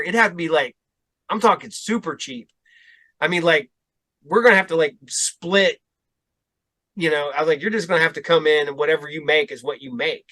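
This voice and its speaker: A man's voice: on the high side, fairly quick, pushed and bright. A middle-aged man hosting a podcast, chatting casually and rambling through a story as he quotes himself and others. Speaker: podcast host. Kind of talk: casual chat.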